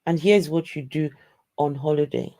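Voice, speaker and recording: A commentary host speaking to viewers in a measured, reflective way. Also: medium pitch, dark tone. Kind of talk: casual commentary.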